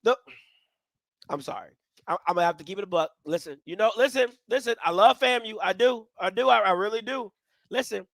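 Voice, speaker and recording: A man's voice: high voice, fairly quick, vocal fry, fairly bright tone, dry recording, studio quality. A man hosting a live reaction stream, talking in a blunt, slangy, joking way with lots of energy. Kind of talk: casual live reaction commentary.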